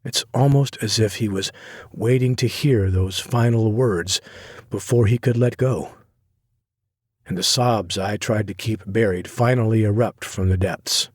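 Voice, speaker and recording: A man narrating a dark romance audiobook in the first person, intense and grave. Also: fairly low pitch, a little slow, slightly rough, no echo, studio quality.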